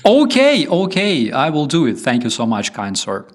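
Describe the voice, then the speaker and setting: A man hosting a casual chat, reading viewer messages aloud and talking in an unhurried way with many fillers. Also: mid-range voice, animated. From Ukraine. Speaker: host.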